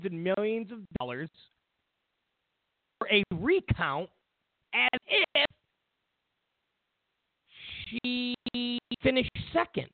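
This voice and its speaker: A man's voice: high voice, no echo. A man hosting a political talk show, ranting bluntly and with profanity, mocking his opponents. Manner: blunt, profane, mocks opponents in whiny voices. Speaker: political commentary host. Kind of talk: ranting opinion monologue. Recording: tinny phone-like audio.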